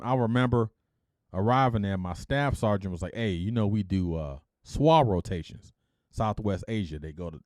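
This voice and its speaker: A middle-aged man from Detroit, hosting a podcast and telling his own life story in a casual, animated way, acting out the dialogue and peppering his speech with "freaking". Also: lowish voice, no room sound, studio quality. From Detroit, United States.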